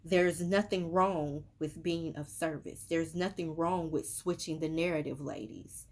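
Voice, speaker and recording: Deep-voiced woman, repeats herself a lot, casual medium talk. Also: steady tone, unhurried, a little mellow. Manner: emphatic, repetitive, with many fillers. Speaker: spiritual medium. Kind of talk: casual social media monologue.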